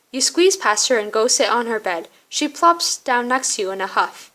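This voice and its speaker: A woman's voice: fairly high pitch, lively intonation, normal speed, few pauses, pushed and bright. A woman reading a choice-based story game aloud, narrating and speaking her own character's lines in an earnest, conversational way.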